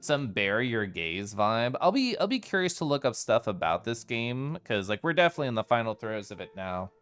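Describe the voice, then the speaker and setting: A man's voice: mid-range voice, sing-song, a little fast, fairly bright tone, smooth, faint music behind. A man streaming a story game live, reflecting on the plot and greeting chat in a chatty, thoughtful way.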